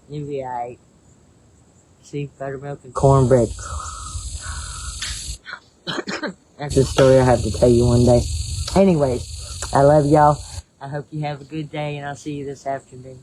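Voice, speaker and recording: A woman's voice: deep voice, warm tone, slight background noise, rough recording. A woman chatting casually on a livestream, reading viewer comments in a rambling, folksy way and chuckling often. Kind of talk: casual live-stream chat.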